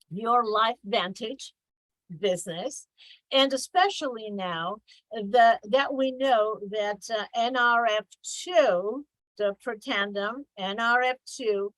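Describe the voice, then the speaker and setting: A woman's voice: on the high side, a bit bright, dry recording, low-quality recording. A middle-aged woman coach leading an online workshop, talking in a conversational, emphatic way over a video call. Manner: conversational, emphatic, reads examples with mock exaggeration. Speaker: business coach.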